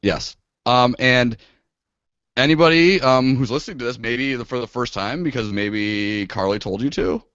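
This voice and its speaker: A man's voice: fairly low pitch, no echo, dull audio. A man hosting a casual podcast, chatting loosely with lots of fillers and easy laughs. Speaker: podcast host.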